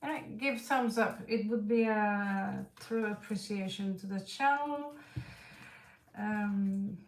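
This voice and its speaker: Speaking slowly in a medium-pitched voice, a woman reads tarot live for her chat, hesitant and full of fillers. English isn't her first language, and her accent mixes British and Russian; she sits off-mic in an echoey room.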